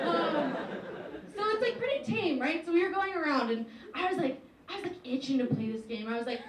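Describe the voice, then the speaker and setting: A woman in her twenties performing a stand-up set, chatty and full of fillers, jumping into excited outbursts. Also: fast. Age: 20s. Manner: chatty, filler-heavy, jumps into excited high-pitched outbursts. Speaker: stand-up comedian. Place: university comedy club stage with a live audience. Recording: roomy, distant, faint crowd and noise.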